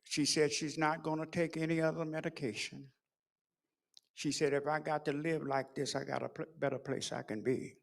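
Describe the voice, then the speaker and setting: A middle-aged man giving a sermon in a preaching cadence, moving from hushed storytelling to shouted peaks. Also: on the high side, fairly even intonation, moderate pace, gravelly. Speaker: pastor.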